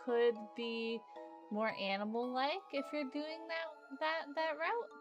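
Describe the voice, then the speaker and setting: A woman's voice: high voice, fairly even intonation, takes it slowly, highs cut off, over music. A woman hosting a casual stream chat, easygoing and a little hesitant.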